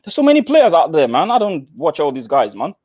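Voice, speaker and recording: A man with a Nigerian accent co-hosting a football chat show, animated and teasing, repeating himself as he jokes. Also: fairly high pitch, fairly quick, no echo, dull audio.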